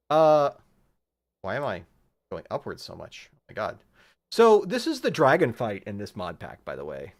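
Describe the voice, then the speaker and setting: Man, streamer, casual game chat, rambling, lots of fillers, lively up-and-down pitch, middle pitch. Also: a little slow, long pauses. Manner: rambling, thinking aloud with many fillers. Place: at home.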